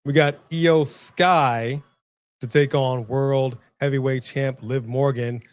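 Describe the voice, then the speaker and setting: A man's voice: mid-range voice, slow pace. A man co-hosting a wrestling watch-along stream, chatting casually and calling out to the live chat. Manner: chatty, animated, addresses the chat.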